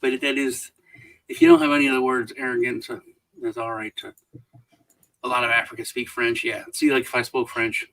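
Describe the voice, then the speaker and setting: A middle-aged man in casual livestream conversation, rambling along. He restarts sentences and trails off while telling stories, at an average pitch. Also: flat delivery, brisk, a bit bright, poor audio. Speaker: co-host.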